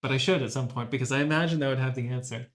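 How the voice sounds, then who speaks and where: Very low-voiced woman, stream co-host, dry and understated. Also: rapid-fire. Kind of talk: casual chat on a live stream.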